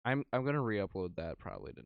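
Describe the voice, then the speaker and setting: A man's voice: fairly low pitch, wildly swooping pitch, fast, gravelly, dry recording, phone-quality sound. A young man co-hosting a podcast, telling rambling, profane stories in casual chat. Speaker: podcast co-host.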